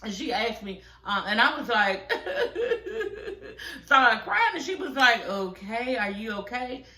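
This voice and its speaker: A woman's voice: a little high, big pitch swings, takes it slowly, bright, forceful tone, roomy sound. A woman in her forties giving casual reaction commentary, telling a personal story candidly with lots of profanity and asides. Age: 40s. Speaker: reality show commentator.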